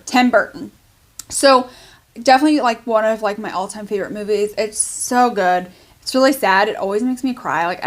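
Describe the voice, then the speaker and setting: A woman hosting her own haul video, talking in a chatty, gushing way with lots of filler words. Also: mid-range voice. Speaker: channel host. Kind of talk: casual haul vlog.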